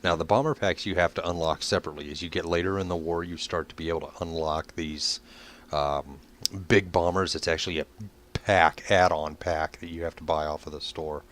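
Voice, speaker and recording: A man giving relaxed commentary on a flight game as he plays it, explaining menus with many ums and uhs. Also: low-pitched, a little fast. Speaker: gameplay video host. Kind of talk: casual gameplay commentary.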